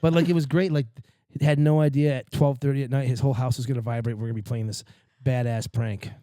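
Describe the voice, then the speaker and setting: A man telling a story in a casual podcast chat, rambling and swearing. He jumps into loud acted-out quotes of the people in the story. His voice is mid-pitched and recorded dry and close. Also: steady tone, fast talker, no echo. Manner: profane, rambling, acts out quotes loudly. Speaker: podcast host.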